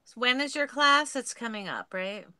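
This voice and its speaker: A woman guest on a video call, chatting casually and joking in an animated way. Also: on the high side, moderate pace. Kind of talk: casual chat.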